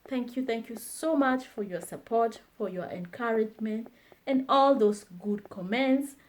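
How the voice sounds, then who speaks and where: Slow-paced woman teaching phrases. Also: fairly high pitch, a little mellow, a little hiss or hum. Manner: slow, repeats phrases for learners. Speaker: language teacher. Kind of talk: slow language lesson.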